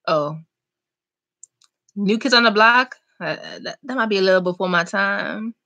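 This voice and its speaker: A young woman chatting casually on a live stream, reading and answering viewer comments in an animated, talkative way. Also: medium pitch, measured pace. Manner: chatty, animated, talks back to chat comments. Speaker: vlogger hosting a live chat.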